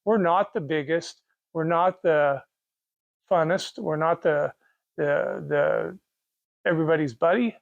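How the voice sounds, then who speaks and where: Folksy gravelly Kansas man, middle-aged. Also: fairly high pitch, slow, long pauses, dry recording, narrow, tinny audio. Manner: rambling, folksy, with restarts and quoted dialogue. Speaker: race car parts business owner. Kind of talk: casual storytelling.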